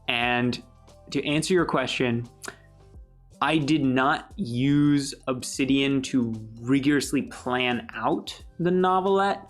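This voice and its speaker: A young man, a YouTube creator, answering viewer questions in a casual, upbeat chat and laughing easily. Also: medium pitch. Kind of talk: casual Q&A monologue.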